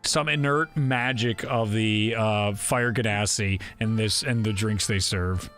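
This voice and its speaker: A man running a tabletop game as game master, narrating scenes in an animated, often laughing way. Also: on the low side, unhurried, faint music behind.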